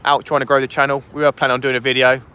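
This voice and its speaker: This fishing livestream host talks rapid-fire in a medium pitch, his delivery flat and his tone sharp and clean. Chatting from the sea wall on a phone streaming vertically, he reads out chat and thanks donors.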